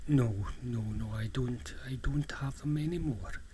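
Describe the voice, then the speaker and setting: A man voicing a gentle, wistful old island farmer who speaks softly with a lilt, quiet and halting. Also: medium pitch, slight background noise, close to an everyday voice. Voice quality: soft, lilting speech. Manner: quiet and halting, full of pauses.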